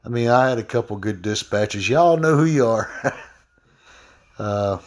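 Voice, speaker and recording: A man's voice: on the low side, lively intonation, measured pace. Rambling man ranting to camera. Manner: rambling, frequent fillers and restarts; aggrieved. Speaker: former delivery driver. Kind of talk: casual vlog rant.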